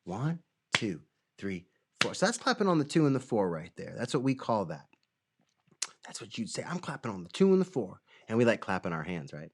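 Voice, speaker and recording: Playful, animated children's music teacher. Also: male voice, medium pitch, fairly quick, husky. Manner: animated, playful, sings and claps along. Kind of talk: kids' music and movement lesson. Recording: loud music behind.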